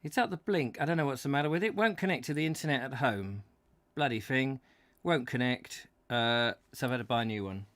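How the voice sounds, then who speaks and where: A man's voice: mid-range voice, lively intonation, fairly quick, fairly bright tone. A man hosting a comic live-stream chat show, rambling and jokey, trailing off with fillers. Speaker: host.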